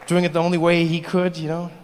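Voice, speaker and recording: A middle-aged man with a South African accent doing a stand-up routine, telling stories with quick asides and impressions. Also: on the high side, completely flat delivery. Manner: storytelling with quick asides and mimicry. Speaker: stand-up comedian. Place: theater stage. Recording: reverberant live theater recording, faint noise.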